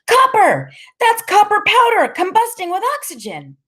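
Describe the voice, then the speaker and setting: A woman reading a story aloud and voicing a tiny, excitable genius boy who shouts gleefully in a shrill voice. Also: slow pace, full character voice. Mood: shouting gleefully.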